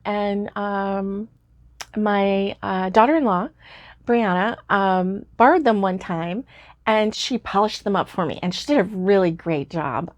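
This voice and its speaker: A woman's voice: mid-range voice, no room sound, clean studio sound. A woman in her fifties chatting casually to viewers about her crafts, rambling and giggling through lots of fillers, a little sleepy and yawning. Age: 50s. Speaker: crochet vlogger. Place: home craft room.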